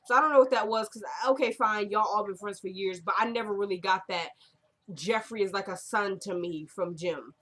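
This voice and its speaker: A woman's voice: mid-range voice, a little fast, a bit bright. A young woman recapping a TV episode in casual chat, rambling and talking straight to her viewers at home.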